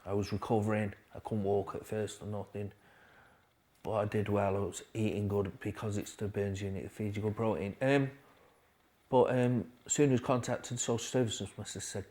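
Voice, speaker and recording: A man, a podcast guest quietly telling his recovery story in a halting way, with restarts. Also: lowish voice, flat delivery. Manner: quiet, halting storytelling with restarts, dropping softer at hard moments.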